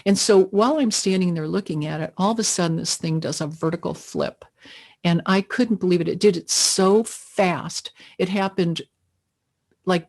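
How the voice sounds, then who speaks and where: A woman's voice: medium pitch, a little mellow. A middle-aged woman telling a personal story, earnest and emotional, acting out what she said to herself. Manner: earnest, emotional storytelling with quoted inner speech. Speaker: witness speaker. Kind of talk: personal testimony.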